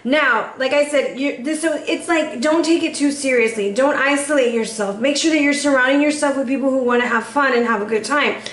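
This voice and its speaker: A woman giving a casual, playful tarot reading to camera, chatty and quick to laugh. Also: high voice, fairly bright tone, echoey room. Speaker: tarot reader.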